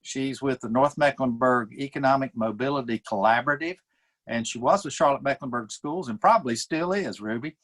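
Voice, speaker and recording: A man's voice: mid-range voice, brisk. Man, mayor introducing panel, uh-filled delivery, video call. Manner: warm introductions with many fillers. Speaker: town mayor hosting a panel.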